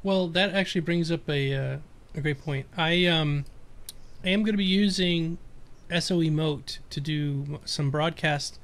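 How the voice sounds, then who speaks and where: An enthusiastic man hosts a relaxed gaming chat, his voice pitched fairly high for a man. He sounds playful and eager as he throws out ideas. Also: unhurried. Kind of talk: casual chat.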